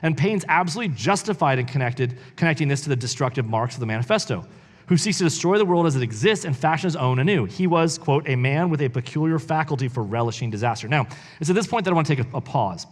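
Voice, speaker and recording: Guy reading a book out loud then ranting about it, kinda high voice, lots of "like", big echoey reverb. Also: expressive, quick pace. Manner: heated, informal, heavy use of "like". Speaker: church reader and commentator. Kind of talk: live book reading with commentary.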